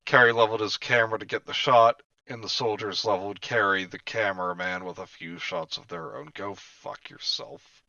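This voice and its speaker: A man with a bright, forceful voice reads a book aloud in a relaxed, joking way. His narration stops for crude one-liners. The sound is dull and lo-fi, a little distant from the mic, and very dry. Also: lowish voice, a little fast, gravelly, few pauses, dry recording. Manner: reads narration plainly, breaks off for crude jokes. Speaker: co-host reading a book aloud. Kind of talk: casual book reading with joking asides.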